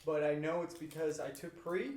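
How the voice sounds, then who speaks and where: Young male co-host, friendly and slangy, a bit high, roomy sound. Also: steady tone, moderate pace, a little mellow. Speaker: podcast co-host. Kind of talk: casual chat. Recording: echoey room.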